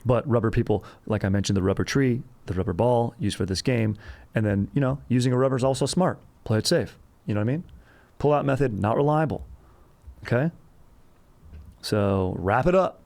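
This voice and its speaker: A man's voice: mid-range voice, brisk, vocal fry, darkish tone. A man hosting a history podcast in a loose, jokey way, full of fillers and crude asides. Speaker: podcast host. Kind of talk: casual history podcast chat.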